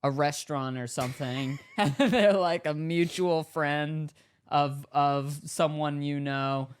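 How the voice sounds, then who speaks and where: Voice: mid-range voice, fairly even intonation, slow pace, smooth. A host in casual chat, asking playful hypothetical questions and laughing often.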